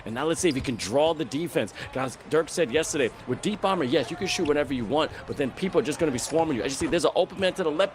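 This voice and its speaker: A man's voice: a little high, animated, very fast, hardly any pauses, a little hiss or hum. A man commentating an esports basketball game, walking through plays and the tournament format. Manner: flowing, explanatory play-by-play with asides.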